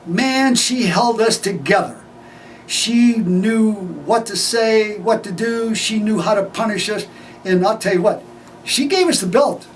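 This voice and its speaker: An older American man telling a personal family story in an animated way, laughing often and acting out old dialogue. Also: sits high, measured pace. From United States. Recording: distant mic with faint ambient noise.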